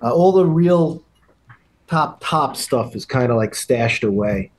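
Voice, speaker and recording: A man, a guest on a podcast, telling insider anecdotes in a measured, unhurried way with small hesitations. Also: medium pitch, lively intonation, darkish tone. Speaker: podcast guest, guitar industry veteran. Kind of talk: casual interview chat.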